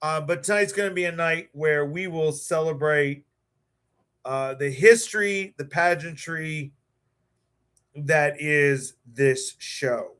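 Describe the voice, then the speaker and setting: A man hosting his live stream, hyped up and emotional, stammering and repeating words as he warms up the show. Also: a little high, slow, clean tone. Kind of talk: excited live-stream chat.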